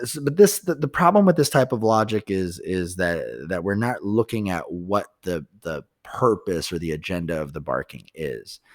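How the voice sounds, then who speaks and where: A man with a very low voice walks through a dog training example, circling back and restarting as he thinks. The sound is dry and close, with no room echo. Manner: explanatory, many fillers and restarts. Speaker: dog trainer, podcast co-host. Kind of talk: casual podcast explanation.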